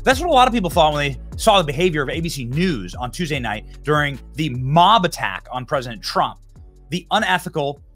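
A man in his thirties hosts a political commentary show. He talks in an emphatic, heated way and breaks into sudden outbursts. His voice sits a little high and swings widely in pitch. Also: sharp tone. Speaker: show host.

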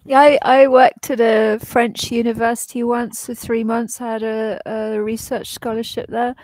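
A woman's voice: fairly high pitch, level tone, normal speed, darkish tone, dry recording, low-quality recording. A woman co-hosting a live stream, chatting casually and encouragingly while translating between languages. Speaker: co-host and interpreter. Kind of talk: casual bilingual live chat.

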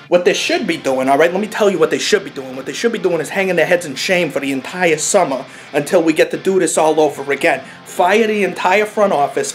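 A man's voice: fairly high pitch, lightly acted. A man playing an angry bandwagon sports fan from Boston, ranting in a profane, repetitive comedy monologue with a Boston accent, over faint guitar music. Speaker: comedic character.

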